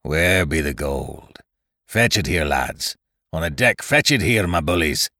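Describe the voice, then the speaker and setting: A man's voice: a bass voice, animated, measured pace, bright, forceful tone, no room sound, clean studio sound, full character voice. A man voicing a brutal, bruised male pirate leader who growls and roars his threats in an audiobook reading. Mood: roaring. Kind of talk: audiobook character voice.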